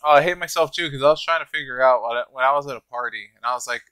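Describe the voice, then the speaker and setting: A man's voice: medium pitch, rapid-fire, few pauses, pushed and bright, clear, resonant tone, no room sound, low-quality recording. A man co-hosting a podcast, laid-back and bluntly sardonic in casual chat. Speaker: podcast co-host.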